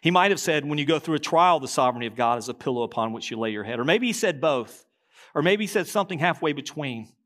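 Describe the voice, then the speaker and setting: A man preaching a sermon as pastor, reading quotations aloud, slowing and dropping low at key lines. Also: lively intonation, a bit bright.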